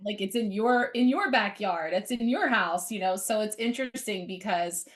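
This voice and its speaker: A woman's voice: medium pitch, normal speed. A middle-aged woman co-hosting a casual spiritual chat, reflective and lifting her voice for quoted thoughts. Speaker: co-host.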